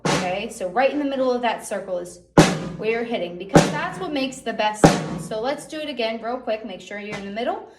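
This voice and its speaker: A young woman teaching children over video, her voice fairly high and bright. She keeps the lesson friendly and keeps checking in with "okay?". The room is echoey, with snare drum hits now and then. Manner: encouraging, checks in with frequent "okay?". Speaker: music teacher. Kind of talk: online music lesson for children. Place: music room.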